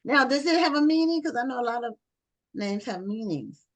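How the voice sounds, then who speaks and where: A woman hosts an interview show, her voice slightly high and friendly. She asks questions with curiosity and keeps the talk moving with quick affirmations. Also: lively intonation. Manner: friendly, inquisitive, affirming with okays. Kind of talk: interview conversation.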